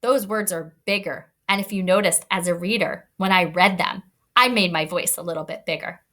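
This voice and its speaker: A woman's voice: fairly low pitch, normal speed, bright, forceful tone. A woman teacher giving a read-aloud lesson to young children, encouraging and thinking aloud as she explains.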